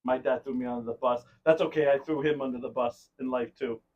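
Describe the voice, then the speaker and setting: A man's voice: mid-range voice, fairly even intonation, fast, highs cut off. A man hosting a podcast, telling a long rambling story in casual chat and often breaking into laughter. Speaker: podcast host.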